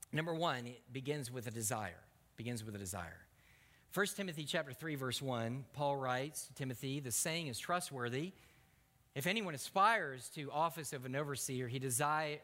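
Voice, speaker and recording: A man with a slightly high, bright, forceful voice preaches from the pulpit, acting out prayers and dialogue as he tells stories. He often stumbles and repeats words. Long reverb from a church hall trails behind every phrase. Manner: animated storytelling with acted-out prayers and repeated stammers. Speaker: pastor. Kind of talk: sermon. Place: church sanctuary.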